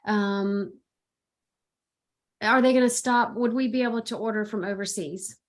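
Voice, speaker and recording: A woman's voice: mid-range voice, fairly even intonation, measured pace. A woman hosting a video call, asking questions and giving short encouraging replies. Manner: brief, encouraging interjections. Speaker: host. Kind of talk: conversational online talk.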